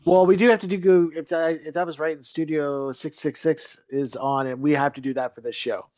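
A man's voice: fairly high pitch, steady tone, fairly quick, a little mellow, no echo. A man co-hosting a casual podcast, joking along with the others. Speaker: podcast co-host. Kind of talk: casual chat.

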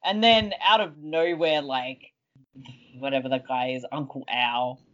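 A woman's voice: rumbling low, fairly even intonation, a little slow. A woman chatting casually and animatedly, swearing freely and acting out scenes in exaggerated voices. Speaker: podcast co-host. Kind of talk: casual chat. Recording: dull lo-fi sound.

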